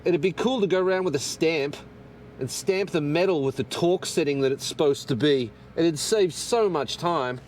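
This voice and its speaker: A man's voice: on the high side, normal speed, darkish tone, slight background noise. A man filming himself in his garage as he works under a car, grumbling and swearing at the job and joking at his own expense. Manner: grumbling, swearing, self-mocking asides. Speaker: car vlogger. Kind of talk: casual self-filmed garage vlog. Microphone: external mic on action camera.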